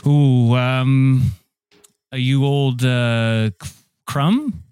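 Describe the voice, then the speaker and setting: A man co-hosting a comedy podcast, halting and stop-start as he fumbles through celebrity impressions. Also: mid-range voice, steady tone, darkish tone, smooth, no echo, studio quality. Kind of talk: improvised comedy banter.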